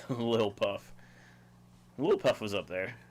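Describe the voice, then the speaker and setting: A man's voice: lowish voice, slow, a little mellow. A man hosting a casual livestream, rambling and chuckling as he reads out viewer chat. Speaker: livestream host.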